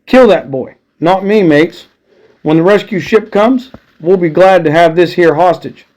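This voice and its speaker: A man's voice: high voice, measured pace, a little mellow. A man doing a crafty blustering pirate captain. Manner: blustering, wheedling sailor talk.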